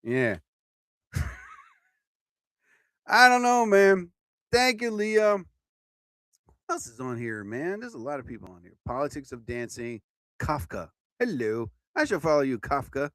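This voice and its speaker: A man's voice: on the high side, very animated, a little slow, long pauses, fairly bright tone, dry recording. A man hosting his own live stream as a comedian, chatting casually and rambling from topic to topic.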